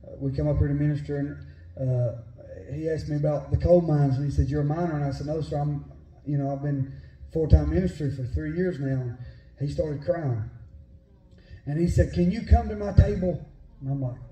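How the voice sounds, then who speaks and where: A man with a West Virginia Appalachian accent preaching a sermon, folksy and fervent, at times rising to shouts. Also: a little high, steady tone, normal speed. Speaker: pastor. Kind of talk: sermon with personal storytelling. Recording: echoey church room.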